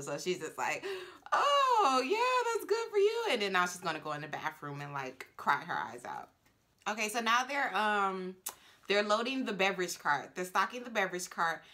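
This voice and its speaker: Chatty bright-voiced woman reacting. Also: on the low side, normal speed. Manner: chatty, filler-heavy, laughing. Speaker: flight attendant reacting to a TV show. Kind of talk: casual reaction commentary.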